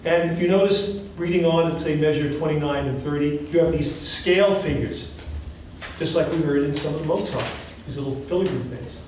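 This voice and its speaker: A male professor leads a classroom lecture, quizzing his students with an animated, encouraging manner. His voice sits a little high and reaches the mic from across the room. The recording is very echoey, with faint hiss underneath. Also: moderate pace, far from the mic. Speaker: music professor.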